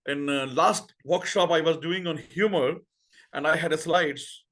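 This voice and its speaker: A man hosting a speaking-club meeting, enthusiastic and effusive, often halting and restarting. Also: fairly high pitch, fairly bright tone. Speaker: meeting master of ceremonies.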